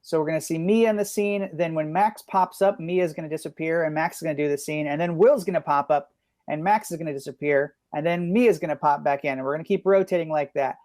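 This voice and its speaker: A man hosting a live online improv comedy show, calling on players with quick, upbeat patter over a video call. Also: fairly high pitch, darkish tone, no room sound, studio quality.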